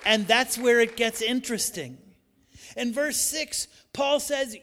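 High-voiced preacher in an echoing hall. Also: male voice, measured pace. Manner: emphatic, rising to shouts on key lines. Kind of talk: sermon. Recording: long hall reverb.

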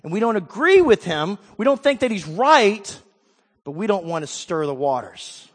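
A pastor with a high voice delivers an emphatic sermon, dropping low and soft, then climbing to loud, rousing calls. His voice trails off in the long reverb of a large hall. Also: very animated, moderate pace. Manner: emphatic preaching, swings from quiet to loud.

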